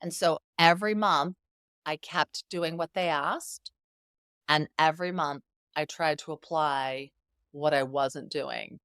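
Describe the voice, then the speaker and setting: A middle-aged woman speaking as an interview guest, with a fairly low voice and a lively, emphatic delivery. She acts out quoted lines as she tells her stories, and the recording is close and dry. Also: takes it slowly, clean tone, no echo. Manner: animated, emphatic storyteller who acts out quoted dialogue. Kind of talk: conversational interview.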